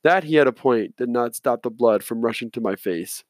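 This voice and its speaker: A man reading a novel aloud in measured, subdued first-person narration. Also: mid-range voice, lively intonation, no room sound. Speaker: audiobook narrator.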